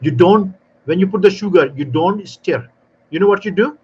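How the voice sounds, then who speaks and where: A man talking as a guest expert in a live panel, telling lively stories and explaining in non-native grammar, often acting out little exchanges. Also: sits high, normal speed, lo-fi sound, slight background noise. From South Africa. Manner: animated storyteller, non-native grammar, acts out dialogue. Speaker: barista trainer guest.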